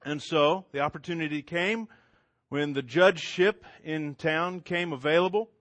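A man's voice: a little high, moderate pace, a bit bright, no room sound. Conversational male storyteller, dry close sound. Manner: conversational, asides to listener. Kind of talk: oral storytelling.

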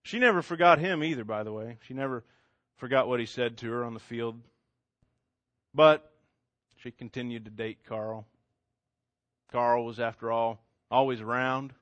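A man's voice: medium pitch, moderate pace, a bit bright, no room sound, highs cut off. A man telling a story in a casual, conversational way, with asides to the listener. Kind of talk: oral storytelling.

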